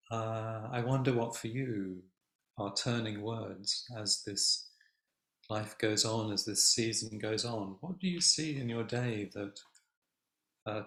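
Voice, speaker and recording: An older man giving a Zen dharma talk as a teacher, speaking gently and reflectively with long pauses. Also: on the low side. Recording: echoey room.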